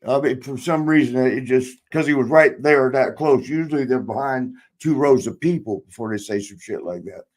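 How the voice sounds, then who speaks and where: In a relaxed storytelling chat, this former wrestler and podcast host in his sixties spins profane, rambling tales from the road. He speaks at normal speed with few pauses, his medium-pitched voice a little mellow, laughing often and performing the quotes.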